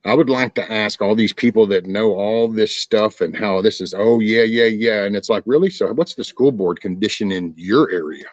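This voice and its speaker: A man's voice: fairly low pitch, a little mellow, no room sound, muffled recording. A middle-aged man hosting a casual livestream, talking in a folksy, profane, ranting way. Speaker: livestream host. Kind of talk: casual rambling livestream chat.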